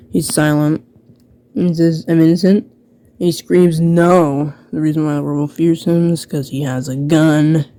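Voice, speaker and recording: A woman with a low, dark and mellow voice talks slowly through an old childhood book in casual commentary. She rambles and mocks herself, dropping "like" between phrases. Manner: self-mocking, rambling, many "like" fillers. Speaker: video creator.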